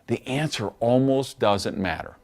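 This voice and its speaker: A man giving a recorded training lesson on network marketing, coaching in an animated way and acting out phone calls. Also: medium pitch, measured pace.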